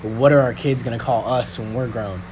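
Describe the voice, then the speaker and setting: A man's voice: mid-range voice, steady tone, fairly quick, background noise, voice pushed down, natural voice. A man voicing Marvin, a young man who earnestly asks odd, puzzled questions. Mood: curious.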